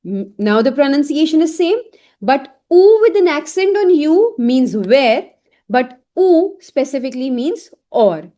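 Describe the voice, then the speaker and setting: Lively woman teaching French basics. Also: high-pitched. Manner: explains slowly with repeated words and frequent "okay?". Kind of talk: online language lesson.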